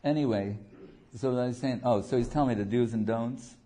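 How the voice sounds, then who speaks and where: A man's voice: medium pitch, brisk, mellow. Guy giving a loose spiritual talk, wanders off on funny stories, voice right in the middle range. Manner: digressive, joking storyteller who acts out quotes and laughs often. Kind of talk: informal devotional lecture with anecdotes.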